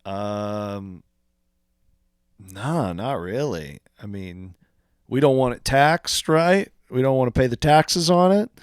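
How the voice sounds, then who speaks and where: A man with a lively, swooping voice who plays along with an improv bit. He swears crudely and laughs often. The recording is close and dry. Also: medium pitch, unhurried, smooth, no room sound. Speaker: comedy podcast guest playing along. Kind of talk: casual improv chat.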